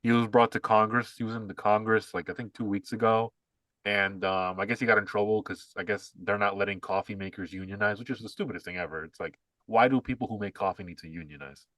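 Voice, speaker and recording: A man's voice: lowish voice, fairly even intonation, fast, a bit bright, dry recording. A young man co-hosting a casual political podcast, rambling with lots of "like" and sarcastic asides. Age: young adult. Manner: rambling, filler-heavy, sarcastic. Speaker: podcast co-host.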